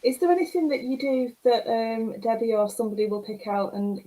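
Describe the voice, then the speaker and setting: A woman's voice: fairly high pitch, brisk, mellow, rough recording. Chatty woman hosting a book chat. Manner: friendly, chatty, self-deprecating. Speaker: book club host. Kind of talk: casual online interview.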